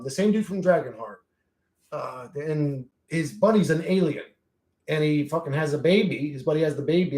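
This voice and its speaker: A man with a slightly high voice and darkish tone chats casually on a livestream recorded with roomy echo. He reads chat aloud, laughs often, and swears freely while hopping between topics.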